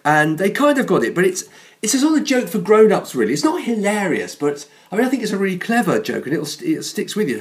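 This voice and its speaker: A man, a parish priest, giving a chatty, self-deprecating sermon in a church. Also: on the high side.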